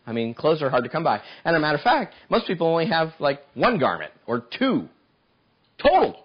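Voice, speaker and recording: Animated preacher with a lively voice. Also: male voice, on the high side, a little fast, breathy edge, dull audio. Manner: animated storytelling with frequent restarts. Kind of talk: sermon.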